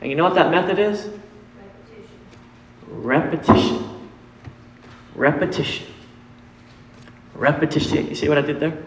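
High-voiced preacher in an echoing hall. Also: male voice, racing, few pauses. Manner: emphatic, repeats key points and quizzes the congregation. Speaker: pastor. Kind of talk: sermon. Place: church sanctuary.

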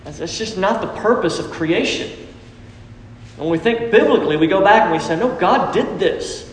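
A man's voice: sits high, lively intonation, normal speed. A middle-aged man preaching a sermon as pastor, emphatic and repeating phrases for stress. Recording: echoey hall, faint background noise.

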